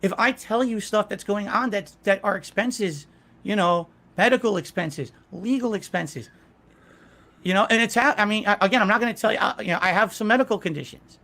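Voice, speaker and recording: A man's voice: high-pitched, fairly quick, pushed and bright. A man answering interview questions over a video call, hesitant and evasive, restarting his sentences often. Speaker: interview guest, streamer.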